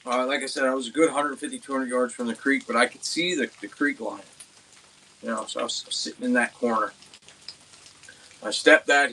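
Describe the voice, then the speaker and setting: Excitable young man telling a hunting story. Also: medium pitch. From Pennsylvania, USA. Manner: rambling, excited storytelling with many restarts. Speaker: outdoors channel host.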